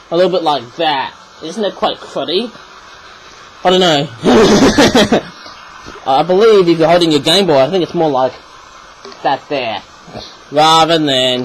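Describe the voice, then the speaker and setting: A fairly high-voiced man reviews toys in a loose, rambling way, stopping now and then to clear a frog from his throat. A faint background hiss sits under his chatty delivery. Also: poor audio. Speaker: toy reviewer. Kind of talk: casual video review.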